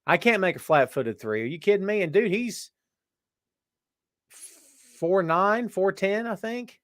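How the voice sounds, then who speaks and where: Speaking at a measured pace, an animated podcast host reads live chat, calling out viewers by name and dubbing them "brother" or "my friend." Loud outbursts alternate with low asides in a dry, clean studio recording.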